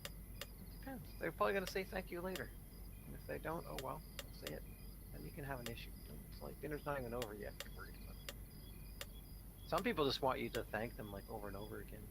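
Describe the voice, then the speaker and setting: A man's voice: medium pitch, quick pace, vocal fry, noisy background. A man hosting a gaming channel, ranting casually and bluntly with plenty of swearing. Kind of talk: casual rant while gaming.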